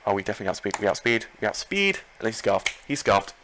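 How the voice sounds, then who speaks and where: A man commenting live on his own Pokémon battle, excitable, talking to himself and his opponent and repeating phrases. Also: fairly low pitch, very fast, a little hiss or hum, rough recording. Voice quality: gravelly.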